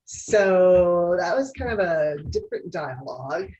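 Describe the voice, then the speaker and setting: A woman's voice: lowish voice, lively intonation, unhurried, warm tone, highs cut off. A woman on a coaching call, reflecting aloud and talking through her inner dialogue. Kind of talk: casual reflective talk on a call. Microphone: video call.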